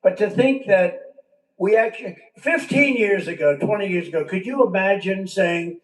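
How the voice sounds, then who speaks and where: A man's voice: sits high, moderate pace. An older man, a politician, giving a rambling, repetitive rally speech full of conversational asides. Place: large venue with a crowd. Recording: roomy sound, distant from the mic.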